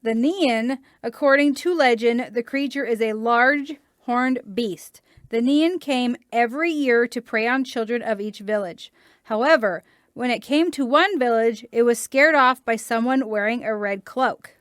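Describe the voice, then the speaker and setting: A woman with a somewhat high voice reads strange legends on a podcast, then slips into quick jokes and laughter with her co-hosts. The sound is close and dry. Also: dry recording. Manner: laughs between lines, reads legends with jokey asides. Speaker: podcast co-host reading cryptid stories. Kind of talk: casual podcast chat and reading aloud.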